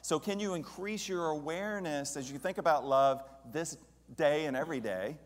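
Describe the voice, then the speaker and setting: A man's voice: a little high, normal speed. Man giving a conversational church sermon in a reverberant hall. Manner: conversational, asks the audience questions. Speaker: speaker at a church service. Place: church sanctuary.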